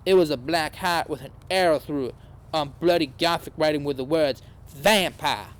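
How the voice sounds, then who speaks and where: A man's voice: fairly high pitch, a little fast. A man hosting a podcast, giving a comedic dramatic reading with a mock-earnest tone and sarcastic asides. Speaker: podcast host reading aloud.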